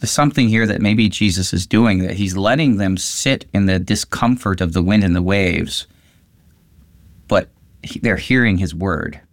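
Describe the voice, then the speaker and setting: With a voice that sits low and a normal pace, a pastor casually discusses a Bible passage, animated as he acts out quotes with a lifted voice. The audio is studio quality, without room sound.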